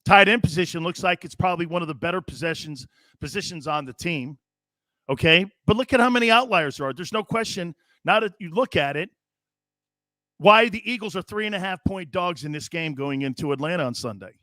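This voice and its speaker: A man's voice: high-pitched, expressive, fairly quick, pushed and bright, dry recording. A man hosting a sports talk show, brash and joking, laughing often as he reads viewer comments.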